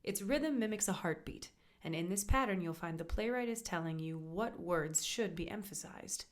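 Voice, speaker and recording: A woman's voice: lowish voice, expressive, normal speed. A woman teaching acting basics in an upbeat, encouraging, conversational scripted narration.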